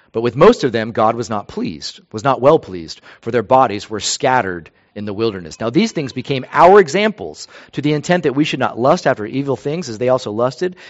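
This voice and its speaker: A man's voice: medium pitch, lo-fi sound. A man preaching a sermon in an earnest, emphatic way, repeating phrases for weight.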